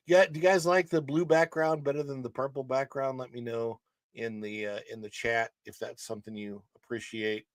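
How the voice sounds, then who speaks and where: A man's voice: medium pitch, fairly even intonation, normal speed, no room sound. A man hosting a casual livestream show from a home studio, chatting loosely and answering viewers in the chat. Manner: chatty, rambling, reads the chat aloud.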